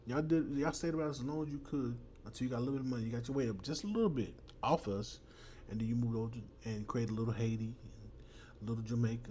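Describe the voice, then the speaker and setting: A man's voice: medium pitch, a little mellow, a little hiss or hum. A man hosting a heated commentary, talking bluntly and mockingly with plenty of profanity. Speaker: host.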